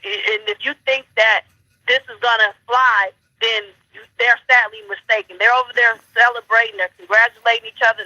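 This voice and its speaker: A woman's voice: a little high, sharp tone, no echo. Brash woman caller on a phone line. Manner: brash, preachy, trash-talking. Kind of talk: heated call-in commentary.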